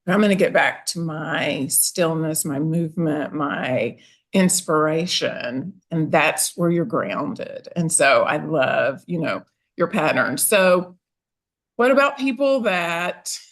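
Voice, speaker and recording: A woman hosting an interview as a coach, asking reflective, thoughtful questions. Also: low voice. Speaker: host, life coach. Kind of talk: interview conversation.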